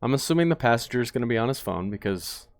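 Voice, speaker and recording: A man's voice: medium pitch, animated, rapid-fire, no room sound. Man, ex-cop reaction commentary, analytical, profane, blunt, dry recording. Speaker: former police officer reacting to body cam footage. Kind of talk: commentary on video footage.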